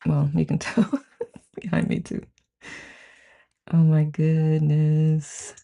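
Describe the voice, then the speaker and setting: Though the content gushes, the delivery is completely flat: a mid-range, warm, creaky voice speaking slowly. This live book-study group host chats casually on stream, greets every viewer by name, reads the chat aloud with enthusiasm, and keeps saying "I love it."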